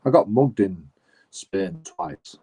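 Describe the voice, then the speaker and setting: A man's voice: low-pitched, expressive, takes it slowly, dark tone, slightly rough. A man telling a rambling, sweary story as a streamer, full of restarts and asides. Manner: rambling, sweary, lots of "you know" and restarts. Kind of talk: casual storytelling.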